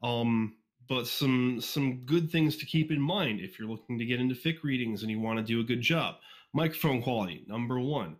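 A man from Northeast Ohio, a guest on a podcast, chatting casually and informally with lots of fillers and restarts, recorded on a USB condenser microphone. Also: mid-range voice. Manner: fast-talking, informal, frequent fillers and restarts. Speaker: podcast guest, fan audiobook reader. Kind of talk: casual interview chat.

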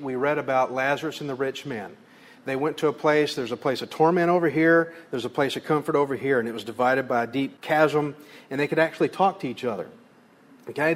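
A man preaching a sermon in a folksy, conversational way, acting out little dialogues. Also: fairly high pitch. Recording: long hall reverb.

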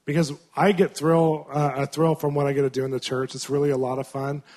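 A man, a Christian minister, telling stories in a sermon in an animated, conversational way. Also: on the high side, brisk. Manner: animated, conversational storytelling with frequent laughs. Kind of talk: storytelling sermon.

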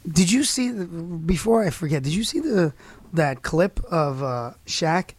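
A man co-hosting a podcast in casual chat, an animated storyteller who laughs often. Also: fairly high pitch, unhurried, breathy edge. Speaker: podcast co-host.

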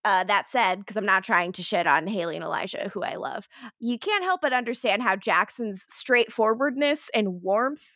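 A woman's voice: medium pitch, moderate pace, sharp tone, no echo, studio quality. A woman co-hosting a podcast, recapping an episode in casual chat, laughing often and swearing, with lots of fillers. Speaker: podcast co-host.

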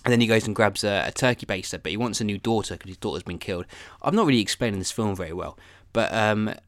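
A man's voice: lowish voice, quick pace, no echo. A man hosting a solo podcast, rambling off-topic in a self-deprecating way with casual swearing. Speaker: podcast host.

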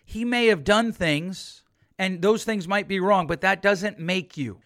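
A man's voice: sits high, measured pace, a bit bright. A man, a therapist, talking through a podcast monologue with emphasis and repeated points.

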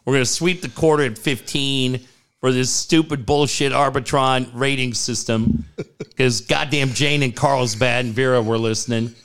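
A man and former radio host telling stories in casual chat, profane and animated, with loud high yelps when he acts things out. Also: normal speed, smooth.

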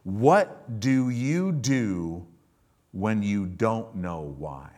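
An animated male pastor preaching to his congregation. His pitch swings widely as he tells stories and acts out the people he quotes, and listeners call back from the pews. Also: drawn-out words. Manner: animated storytelling, acting out quoted voices. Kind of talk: sermon. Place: church service with congregation responding.

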